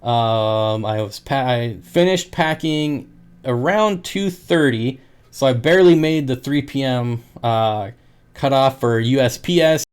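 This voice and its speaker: Man, casual livestream chat, aquarium fish seller, joking, laughs a lot, mid pitch. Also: a little slow, clear, resonant tone. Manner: chatty and joking, laughs often.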